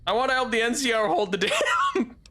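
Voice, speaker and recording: A young man streaming a game live, rambling and excitable, laughing often. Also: very high voice, a little fast.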